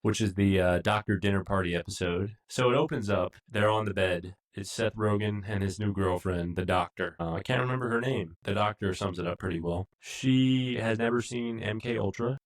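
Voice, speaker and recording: A man with a fairly low voice talks casually as a podcast co-host. He rambles through an episode recap, leaning on "like" and "um". His tone is relaxed and conversational. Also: moderate pace, few pauses. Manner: rambling, full of fillers. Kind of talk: casual review chat.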